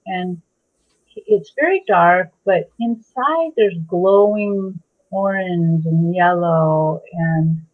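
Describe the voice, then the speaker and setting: A woman medium describing spirit impressions, halting and searching for her words. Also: on the low side. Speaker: psychic medium guest. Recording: tinny phone-like line.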